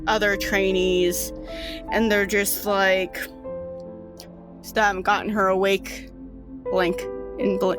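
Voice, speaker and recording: A woman narrating as game master in a loose, casual way with frequent fillers and swearing. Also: mid-range voice. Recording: music playing behind.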